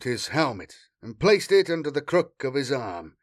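A man narrating an action story with dramatic, expressive delivery. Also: medium pitch, moderate pace, hardly any pauses, no echo, studio quality. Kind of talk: audiobook narration.

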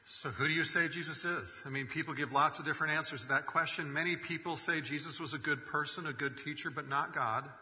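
A man's voice: fairly high pitch, quick pace, hardly any pauses, sharp tone. A man preaching a sermon as pastor, conversational with wry jokes between scripture readings. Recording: long reverb of a large hall.

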